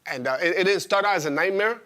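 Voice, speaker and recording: A man's voice: high voice, fast talker, pushed and bright. A man performing a theatrical solo monologue, rambling and profane, often stopping and restarting his sentences. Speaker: stage performer.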